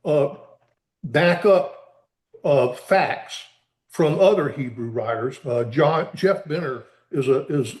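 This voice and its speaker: A man being interviewed as an author, explaining earnestly in a halting way with many repeated words and restarts. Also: on the high side, darkish tone, roomy sound. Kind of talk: conversational interview.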